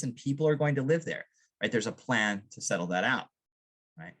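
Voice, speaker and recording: A man from Vermont giving a public history lecture on archaeology, animated and often checking in with the audience. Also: medium pitch, fairly quick. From Vermont, USA. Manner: animated, often ends with a questioning "right?".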